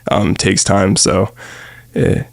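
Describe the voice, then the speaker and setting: A man's voice: low-pitched, slow, gravelly, dry recording. A young man from New chatting casually as a podcast guest, rambling with plenty of fillers and easy laughs. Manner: relaxed, rambling with many fillers and frequent laughs. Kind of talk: casual chat.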